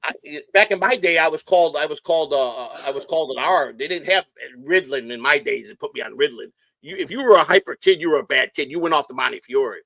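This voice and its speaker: A man's voice: fairly high pitch, fast talker, creaky, hardly any pauses, pushed and bright, dry recording. A middle-aged man from Chicago, hosting a casual livestream chat and telling rambling, profane stories in a hyper, nonstop way. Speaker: show host.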